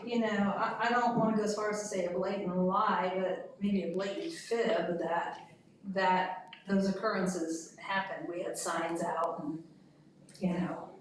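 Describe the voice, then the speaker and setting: A woman's voice: on the low side, steady tone, measured pace, slight background noise. A woman on a city committee talking casually and emphatically, rambling at times, in a public meeting. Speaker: committee member. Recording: echoey room from far off.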